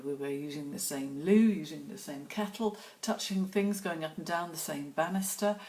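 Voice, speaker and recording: A woman's voice: low voice, a little mellow. A woman chatting casually and telling stories while she paints in her studio, laughing often. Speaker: watercolour artist and host.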